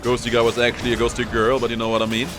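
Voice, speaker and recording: A man's voice: mid-range voice, completely flat delivery, very fast, over music. A young man giving casual commentary on his own gameplay, playfully taunting enemies as he goes. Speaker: gameplay streamer.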